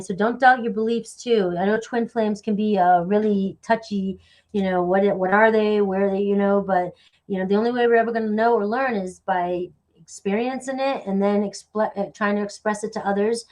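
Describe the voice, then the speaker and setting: A woman in the middle of a casual live tarot reading. She talks in a rambling way, with restarts and "you know"s as she thanks viewers by name. Her nose sounds stuffy and sniffly, and her voice sits at an ordinary middle pitch. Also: fairly even intonation, normal speed, darkish tone. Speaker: tarot reader.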